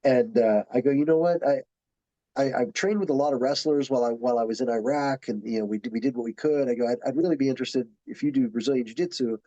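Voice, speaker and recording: A man, a jiu-jitsu instructor, talks through his stories in a relaxed podcast conversation. His voice is mellow and warm, recorded close and dry. He slips into the voices of people he quotes as he goes. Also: medium pitch, fast talker, no echo, dull audio. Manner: animated storyteller, acts out quotes. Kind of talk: casual storytelling chat.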